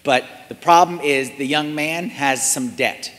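A man's voice: fairly high pitch, a little slow, a bit bright, in a large hall. A man preaching a sermon in a church, asking the congregation many rhetorical questions and repeating phrases for emphasis.

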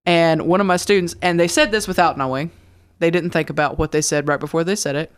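Smooth-voiced Southern woman telling stories. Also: fairly low pitch, quick pace. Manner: animated storytelling, laughs easily. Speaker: podcast co-host, teacher. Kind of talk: casual chat.

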